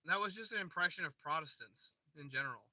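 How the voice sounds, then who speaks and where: A man's voice: a little high, lively intonation, fast talker, pushed and bright. A man hosting a casual livestream, joking and swearing as he chats with viewers from a parked car, recorded on a phone on the dash. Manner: profane, joking banter. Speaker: livestream host. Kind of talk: casual live chat with viewers. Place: parked car by a river at night. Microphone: phone propped on the dash.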